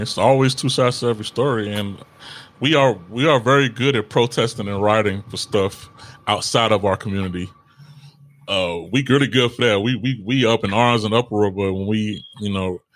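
Laid-back, low-voiced man musing. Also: fairly bright tone, no echo. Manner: laid-back, thoughtful, searching for words. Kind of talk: reflective casual chat.

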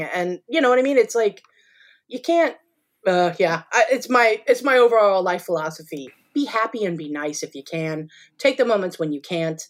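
A woman, a stage actress, telling stories in a casual interview with easy laughter. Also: medium pitch. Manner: chatty, laughing storyteller.

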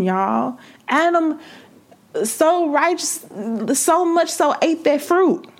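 A woman preaching a sermon, building fervor through repeated rhetorical questions. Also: high voice. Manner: impassioned, repetitive rhetorical questions.

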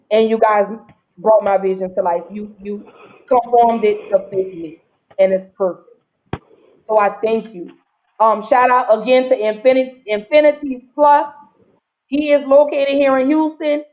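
A woman hosts a casual live chat, effusive and emotional, thanking people over and over. Her voice sits high. The recording is muffled and lo-fi. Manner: emotional, effusive, repeats herself. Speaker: podcast host. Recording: muffled low-fidelity audio.

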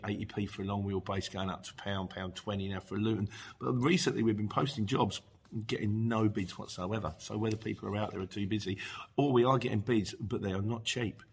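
Husky British man chatting casually. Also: fairly low pitch, a little mellow. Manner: chatty, rambling, with frequent restarts and laughs. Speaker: podcast host reading listener messages. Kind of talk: casual chat.

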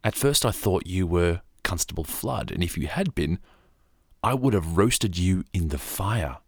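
Australian man doing a brash young bushranger, deep, husky, dry close sound. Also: expressive, unhurried, no echo, full character voice. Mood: bold, scornful. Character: bold young male bushranger outlaw.

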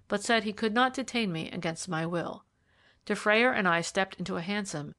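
A woman reading a Victorian detective story aloud as narrator, lifting her voice for the quoted characters. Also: a bit bright. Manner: lifts pitch and volume for quoted characters. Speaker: audiobook reader. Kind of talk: scripted narration of a Victorian mystery.

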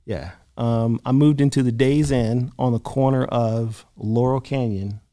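Man, middle-aged, podcast guest, storytelling, acts out quotes, mid-pitched voice. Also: fairly even intonation, measured pace, mellow. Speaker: guest photographer. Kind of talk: storytelling in casual podcast chat.

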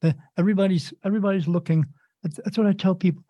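A man's voice: sits high, fairly even intonation, rapid-fire, mellow, no echo. A man hosting an interview, talking emphatically with repeated words and stammered restarts. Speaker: podcast host. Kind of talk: casual interview chat.

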